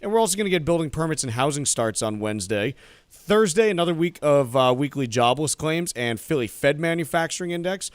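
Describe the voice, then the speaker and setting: A man's voice: a little high, animated, fairly quick, clean tone, no echo. Dry-humored male radio co-host. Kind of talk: casual market news chat.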